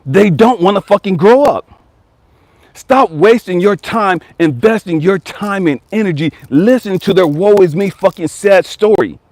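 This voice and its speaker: Male life coach, blunt and profane, preachy rant; slightly high voice, dry close mic. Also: lively intonation, normal speed, a little mellow, no echo.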